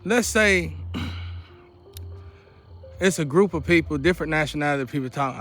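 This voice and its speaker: Man, high-pitched, talking straight to camera outdoors. Preachy, repetitive delivery that keeps building to an urgent outcry. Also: moderate pace, pauses often, a bit bright, faint music behind. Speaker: vlogger. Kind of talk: impassioned monologue to camera. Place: outdoors near a porch.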